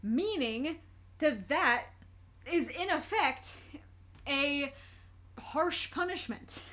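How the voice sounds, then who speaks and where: A woman with a high, light voice talks through her reactions in a relaxed, casual way. She is earnest and thoughtful, often breaking into a laugh and circling back to rephrase an idea until it lands. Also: extremely slow. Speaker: reaction video creator. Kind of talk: casual spoken commentary.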